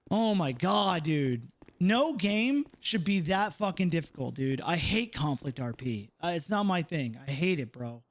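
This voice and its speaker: A young man streaming a roleplay game, venting out of character with heavy swearing, ending lines with "bro" and "dude". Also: sits high.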